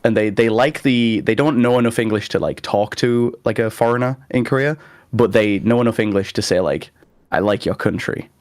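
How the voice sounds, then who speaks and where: A man's voice: mid-range voice, a little mellow, no echo, studio quality. A young man co-hosting a podcast, chatting casually and hedging with lots of "like". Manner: quick, gravelly, hedging with "like". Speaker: podcast co-host. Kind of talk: casual chat.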